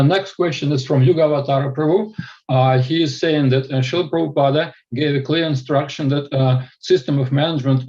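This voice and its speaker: A man's voice: mid-range voice, darkish tone. Hesitant man reading a question, lo-fi. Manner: hesitant, many fillers.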